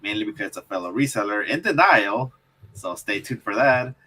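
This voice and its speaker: Bright, low-pitched man chatting casually. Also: lively intonation, a little fast, husky, poor audio. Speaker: reselling youtuber and co-host. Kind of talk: casual chat.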